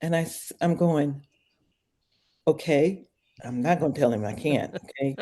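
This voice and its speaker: An older woman guesting on a podcast shares an animated story in casual conversation, giving every character a voice that ranges from hushed to shrieking. She talks in a low voice at a measured pace.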